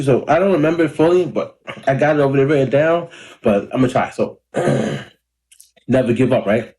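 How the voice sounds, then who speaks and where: A man in his thirties chatting casually to camera in a rambling, laid-back way, a little hoarse and clearing his throat often. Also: mid-range voice, a little fast, a little mellow. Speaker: independent rapper and vlogger. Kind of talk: casual talking-to-camera vlog. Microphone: camera or phone mic.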